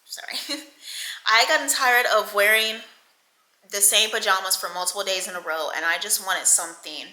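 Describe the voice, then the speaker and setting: Bright-voiced woman telling a storytime. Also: mid-range voice, normal speed. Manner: candid, profane, animated retelling with quoted voices. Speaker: storytime vlogger. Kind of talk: casual storytelling. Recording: echoey room.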